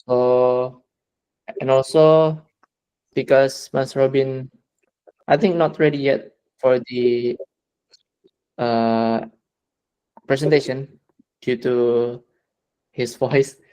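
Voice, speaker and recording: A man moderating an online work meeting, talking slowly with many hesitant fillers over a video call. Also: mid-range voice, steady tone, mellow, clean tone, low-quality recording.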